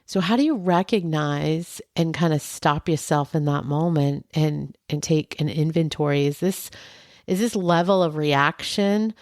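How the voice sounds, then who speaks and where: A woman hosting a podcast, asking questions casually and thinking out loud as she goes. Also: low voice, unhurried, dry recording, clean studio sound. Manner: searching, thinks aloud while asking.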